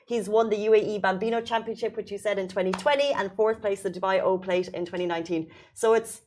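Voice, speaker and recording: A woman's voice: mid-range voice, fairly even intonation, fast talker, a little mellow, a little hiss or hum. A woman hosting an interview show, chatting in an upbeat, enthusiastic way and cheering on her young guest. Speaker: show host.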